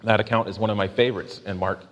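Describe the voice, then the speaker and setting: A man preaching a sermon in a measured way, slowing down to stress questions and quotes. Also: fairly low pitch, steady tone, a bit bright, dull audio. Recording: long hall reverb.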